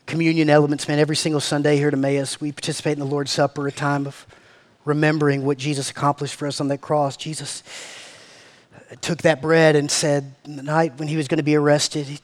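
A man preaching to his church in a casual, slangy way, swinging between loud and hushed. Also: fairly high pitch, little pitch movement, brisk. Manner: slangy, calls listeners "man" and "family". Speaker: pastor. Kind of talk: sermon. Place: church meeting room.

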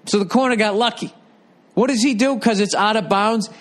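A man's voice: high voice, moderate pace. An older man ranting in a rambling, profane, exasperated way, like a commentator. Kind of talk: profane comedic rant.

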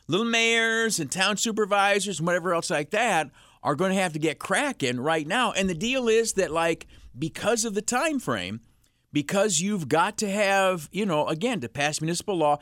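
A sarcastic talk radio host holding forth on his own in a dry studio. His voice is bright and cutting, sitting a little high for a man, and he rambles from one gripe to the next. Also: lively intonation, moderate pace, no echo. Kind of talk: solo talk radio monologue.

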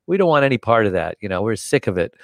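A man's voice: on the low side, quick pace, no room sound. Older man telling stories, bone-dry sound. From United States. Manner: animated, acts out dialogue in voices. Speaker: guest. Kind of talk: casual storytelling.

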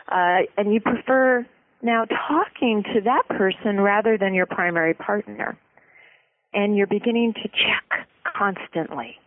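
A guest expert giving relationship advice in an interview, explaining in an earnest, steady way. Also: medium pitch, no echo. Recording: tinny phone-like line.

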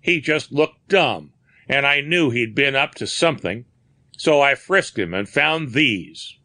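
A man's voice: mid-range voice, animated, unhurried, sharp tone, no room sound, pitched above the performer's own voice. A man voicing a brash, sneering young patrolman full of slang. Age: young adult.

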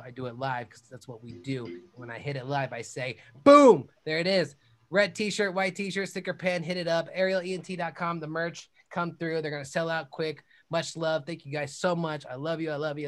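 A young man hosting his own podcast, talking in a loud, hyped-up style with whoops and shout-outs. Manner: high-energy hype with whooping shouts. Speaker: podcast host. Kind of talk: hyped podcast intro and self-promotion.

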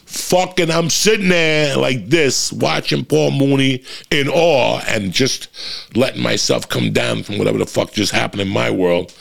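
Male comic from New Jersey, gravelly and husky, loose profane storyteller. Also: lowish voice, a bit bright. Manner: profane, rambling anecdote with frequent restarts. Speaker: comedian. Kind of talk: casual storytelling chat.

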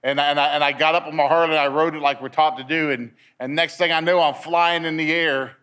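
Guy with a kinda high voice telling his testimony at a mens meeting, repeats himself when he gets going. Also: fast talker, clean tone. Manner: storytelling, repeats words when excited. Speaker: speaker at a men's meeting. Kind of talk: personal testimony.

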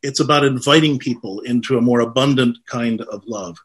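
A man's voice: medium pitch, a little fast. A man giving a conversational talk on faith and ministry, earnest, with frequent restarts. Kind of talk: informal lecture with Q&A.

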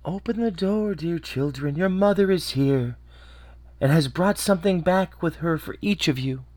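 Brief: male reader as a crafty wolf, high sugary disguise voice, dry close sound. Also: normal speed, a little mellow, dry recording, lightly acted. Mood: coaxing. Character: sly male wolf faking a mother's voice.

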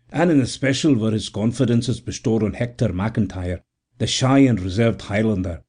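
A man reading a novel aloud as narrator in a measured, unhurried way. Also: lowish voice, darkish tone, slightly rough. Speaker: audiobook narrator. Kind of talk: scripted narration.

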